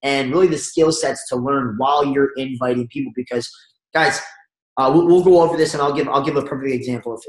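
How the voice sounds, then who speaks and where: A man giving an energetic sales training talk and acting out phone calls as he coaches his audience. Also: medium pitch, roomy sound, poor audio. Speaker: network marketing trainer.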